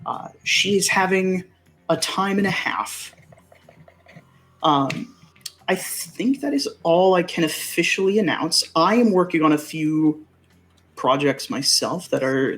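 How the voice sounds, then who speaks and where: A man's voice: on the high side, slight background noise, low-quality recording. A man player signing off a tabletop game stream with dry jokes. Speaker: player and actor. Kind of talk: casual sign-off chat.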